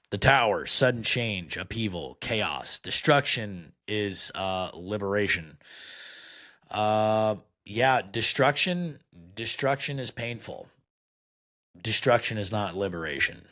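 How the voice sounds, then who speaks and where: A man with a somewhat low voice hosts a podcast and reads card meanings aloud one by one. He picks them apart bluntly, with dry sarcasm and plenty of "um" and "okay". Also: a bit bright. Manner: sarcastic, blunt, with frequent fillers. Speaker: podcast host. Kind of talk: critical commentary reading card meanings aloud.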